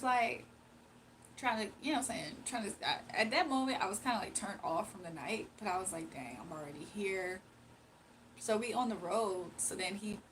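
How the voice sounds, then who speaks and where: A woman's voice: mid-range voice, a bit bright, a little hiss or hum, low-quality recording. A tired young woman casually telling a rambling personal story on her livestream. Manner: rambling, slangy, confiding. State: sleepy and tired. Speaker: livestream host.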